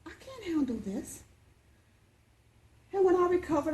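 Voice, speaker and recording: A woman in her fifties telling a personal story as a speech, lively and acting out the voices. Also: moderate pace, echoey room, low-quality recording. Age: 50s. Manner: animated, acts out voices with big pitch jumps.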